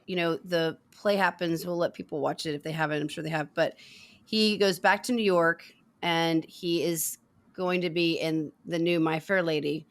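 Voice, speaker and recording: A woman co-hosting a podcast in casual chat, animated and quick to laugh as she retells favorite movie lines. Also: low-pitched. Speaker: podcast co-host.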